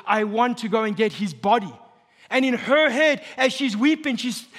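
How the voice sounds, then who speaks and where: High voiced pastor guy preaching hard, long echo from the church hall. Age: adult, married. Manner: emphatic preaching, rising to a near shout. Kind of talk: sermon.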